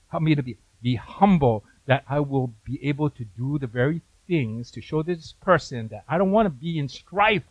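A man's voice: a little high, no echo, dull audio. A male pastor preaching a sermon in a conversational way, with frequent asides to the congregation.

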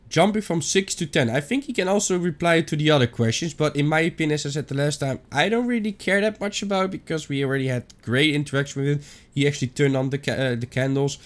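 Chatty man commentating a horror game. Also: medium pitch. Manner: chatty, thinking aloud, some non-native phrasing. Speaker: gaming YouTuber. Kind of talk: let's-play commentary.

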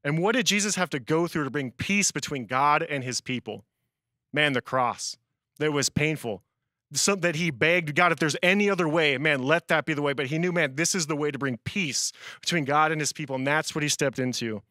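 Man, youth sermon, bright forceful voice, slightly high, dry close sound, keeps saying "man". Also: normal speed, no echo. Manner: peppers sentences with "man", animated storyteller. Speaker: youth speaker. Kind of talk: casual youth sermon with storytelling.

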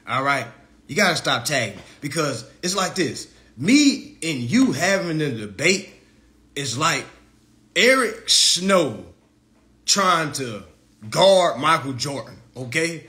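A man in his thirties roasts a rival straight to camera in a high, bright voice. His pitch leaps around as he taunts and swears. He drops from loud jeers to low, scornful mutters. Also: sing-song, measured pace. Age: 30s. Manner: mocking, taunting, profane.

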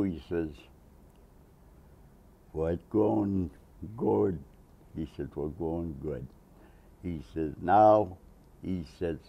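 In an oral history interview, a Massachusetts man in his nineties who served in the Navy spins a long, rambling tale, chuckling as he acts out the quotes. His voice sits low and has a warm tone.

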